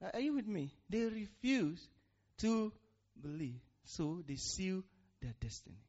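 A man's voice: high-pitched, very animated, a little slow, darkish tone. A man preaching a sermon, using call-and-response with the congregation. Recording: muffled lo-fi recording.

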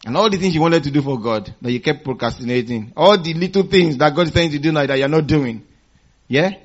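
Husky, animated man preaching a sermon. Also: on the high side, quick pace. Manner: call-and-response preaching, asking the congregation to finish phrases; storytelling with chuckles. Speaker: pastor. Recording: dull lo-fi recording.

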